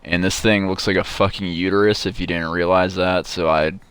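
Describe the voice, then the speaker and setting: Low-voiced man, sarcastic gameplay commentary. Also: fairly even intonation, moderate pace, fairly bright tone, clean tone, no echo. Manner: sarcastic, mock-bragging, profane; rambling with frequent restarts. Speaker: gamer commenting on his play.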